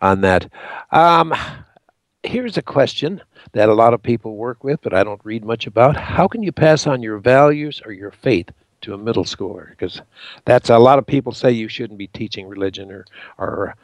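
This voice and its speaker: A man hosting a radio interview, talking in a halting way with many fillers. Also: medium pitch, no echo. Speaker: radio show host.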